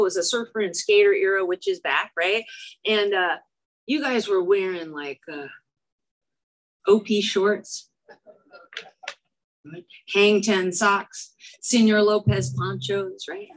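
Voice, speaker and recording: A middle-aged Chicago woman speaks at a measured pace in a mid-range voice, sharing her recovery story candidly and with self-deprecating humor. She's an AA meeting speaker addressing an audience in a church meeting room, often checking in with "right?"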